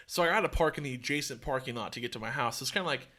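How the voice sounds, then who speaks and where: A young man hosting a podcast, telling a story in a casual, profane, animated way. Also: medium pitch, rapid-fire. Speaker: podcast host.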